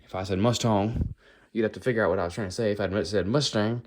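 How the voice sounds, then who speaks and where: American guy, very low voice, casual rambling vlog musings. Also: fairly even intonation, rapid-fire, a little mellow, a little hiss or hum. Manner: rambling, musing, does playful accent impressions. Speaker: vlogger. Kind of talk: casual walking monologue.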